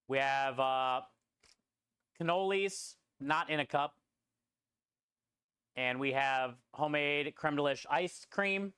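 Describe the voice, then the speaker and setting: Guy streaming his food truck prep, bright smooth voice, kinda high, rambling on while he cooks. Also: slow, long pauses, no room sound. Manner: rambling, talks through prep and reads chat. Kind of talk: casual live-stream chat while cooking.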